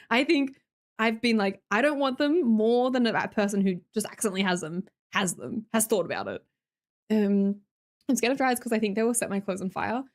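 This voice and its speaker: A woman's voice: mid-range voice, expressive, moderate pace. A young Australian woman streamer chatting casually with her viewers, blunt and sweary, laughing often.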